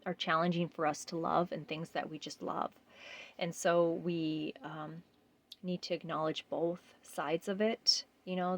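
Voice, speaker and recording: A woman gently leading a self-love mirror exercise, speaking earnestly with frequent pauses and fillers. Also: sits low, vocal fry. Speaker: self-care guide.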